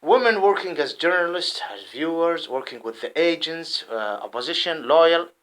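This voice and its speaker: A man from the Arab world, based in England, delivering a rambling, impassioned monologue to camera. He often repeats himself and swings between loud outbursts and muttering. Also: fairly high pitch, animated, moderate pace, low-quality recording. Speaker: vlogger. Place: at home in England.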